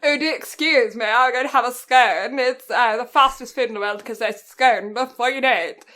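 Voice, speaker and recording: A woman's voice: fairly high pitch, normal speed, pushed and bright. A British woman putting on a posh, prissy English lady with an exaggerated upper-class drawl. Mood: haughty.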